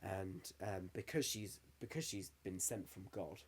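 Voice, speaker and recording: Sweary podcast host telling stories. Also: male voice, deep voice, unhurried, slightly rough. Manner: candid, sweary, emotional storytelling. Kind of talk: casual chat.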